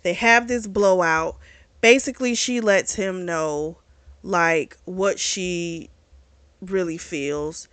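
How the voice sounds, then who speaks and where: A woman's voice: lowish voice, takes it slowly, fairly bright tone. Chatty woman recapping a novel. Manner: candid, chatty, swears freely, quotes characters. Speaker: book reviewer. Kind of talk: casual book review recap.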